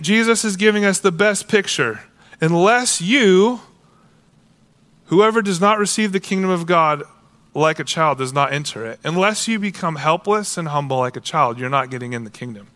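A man preaches with a bright, forceful voice that sits a little high. He keeps his delivery casual and animated, slipping into quoted voices as he talks. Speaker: pastor. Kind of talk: sermon.

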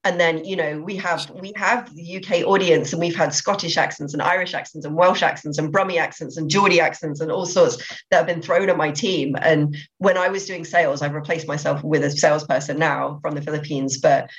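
Rich: A woman speaks in a low voice as a guest on a podcast interview. She is eager and talkative, stumbling over repeated words as she goes. The audio is a little dull and lo-fi. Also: steady tone, fairly quick. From England. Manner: enthusiastic, many restarts and repeated words. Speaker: podcast guest, business owner.

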